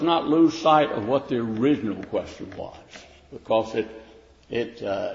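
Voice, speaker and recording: A man's voice: medium pitch, expressive, unhurried, creaky. A man preaching a sermon, rising to emphatic questions and often restarting his phrases. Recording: echoey hall, dull lo-fi sound.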